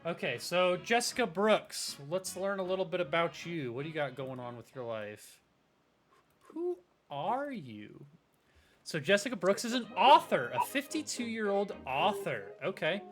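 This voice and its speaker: Bright-voiced man running a game. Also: high-pitched, sing-song, measured pace, soft background music. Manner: laughing, loose and profane banter. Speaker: game master. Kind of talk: running a tabletop horror game on stream.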